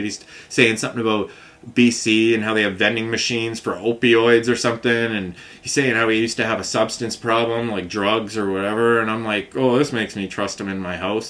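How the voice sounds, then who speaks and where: A young man rambling through a frustrated complaint story in casual vlog talk, often slipping into higher voices for the people he quotes. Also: fairly bright tone. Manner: rambling, frustrated, mimics others with raised pitch. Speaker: vlogger telling a complaint story.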